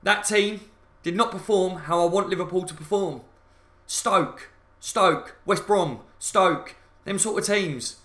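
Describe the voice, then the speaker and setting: A man's voice: high-pitched, takes it slowly, a bit bright. A man hosting a live fan reaction stream, ranting angrily and swearing, talking to his viewers and reading out their comments. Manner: angry, sweary, repetitive ranting; addresses viewers as guys, reads out chat comments. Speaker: football fan channel host. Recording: roomy echoey room.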